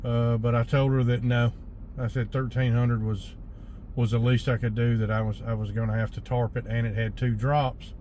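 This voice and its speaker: Male truck driver, casual vlog, easygoing drawl, mid pitch, light vehicle noise in the background. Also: level tone, normal speed, a little mellow. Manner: laid-back drawl, thinking aloud with fillers. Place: truck cab by the roadside.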